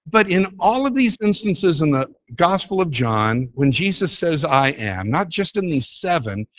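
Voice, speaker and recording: A man's voice: a little high, a bit bright, no room sound, dull audio. A man teaching a Bible study lesson, explaining in an emphatic way and repeating key words to drive points home. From United States.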